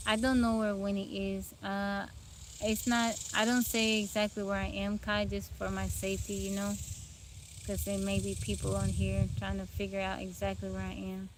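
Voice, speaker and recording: Woman, relaxed, sleepy, outdoor livestream, phone mic, insect noise. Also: medium pitch. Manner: relaxed, greets viewers by name. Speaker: livestream host. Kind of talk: casual live stream chat. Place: outdoors among trees. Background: insects and outdoor ambience.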